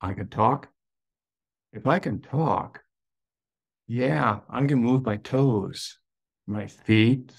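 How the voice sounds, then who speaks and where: Man with a gravelly voice telling a story. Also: medium pitch. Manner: slow, wondering delivery with sudden excited rises. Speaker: podcast guest. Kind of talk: personal storytelling.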